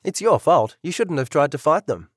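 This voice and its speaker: A man's voice: mid-range voice, big pitch swings, brisk, dry recording, clean studio sound. A man voicing a young wife who speaks bluntly and coldly, in an audiobook. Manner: blunt, matter-of-fact.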